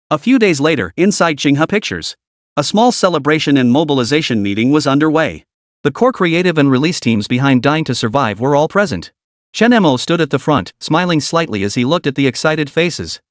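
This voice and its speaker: Lively male audiobook narrator. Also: on the high side, fairly quick, no room sound, studio quality. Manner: lively storytelling, brief shifts for quoted characters.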